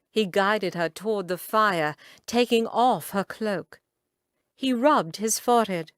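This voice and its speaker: A woman reads a romance audiobook with a dramatic, expressive delivery. Her pitch rises and falls widely while she keeps an unhurried pace. The recording is dry and close. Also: no echo. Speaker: audiobook narrator. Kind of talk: scripted audiobook narration.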